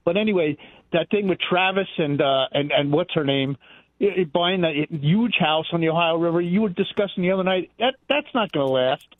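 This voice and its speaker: Male radio caller, stumbling and restarting, higher pitch, narrow phone-line sound. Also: no echo. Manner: halting, tongue-tied, many restarts. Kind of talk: casual call-in chat.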